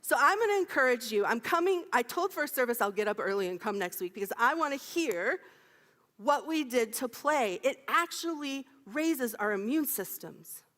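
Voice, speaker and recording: Playful woman minister, high lively voice. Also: moderate pace. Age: 50s. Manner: playful, laughs often, chats with the congregation. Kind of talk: lively sermon. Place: church sanctuary. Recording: long hall reverb.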